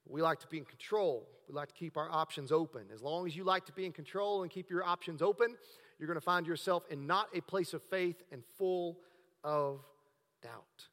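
In a high, bright voice and at a moderate pace, a male pastor preaches, sinking into hushed lines before building to raised, emphatic passages. A long reverb carries his words, as though he stands in a large church hall.

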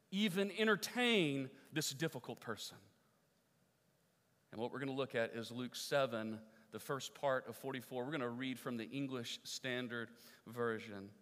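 Pastor guy preaching, earnest, keeps repeating lines and going soft to make a point, kinda high voice, big church echo. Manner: earnest preaching, repeats key phrases, drops soft for emphasis. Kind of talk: sermon. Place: church sanctuary. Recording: long reverb of a church hall.

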